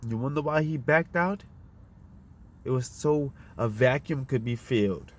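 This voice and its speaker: A man's voice: medium pitch, a little slow. A man delivering a fiery, profane, unscripted monologue, firing off rhetorical questions in a preachy tone.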